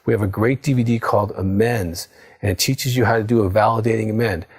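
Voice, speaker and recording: A middle-aged male counselor with a somewhat low, husky voice. He gives earnest, coaching advice and checks in often with the listener. His delivery is steady and direct. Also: fast talker. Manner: earnest, coaching, many "okay?" check-ins. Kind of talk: direct-to-camera advice talk.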